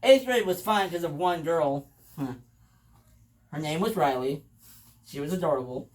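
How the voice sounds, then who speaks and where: Casual storytelling comes from a speaker who rambles, curses, repeats phrases, and addresses the listener as "bro." The medium-pitched voice has lively intonation and a moderate pace, recorded a bit distant from the mic.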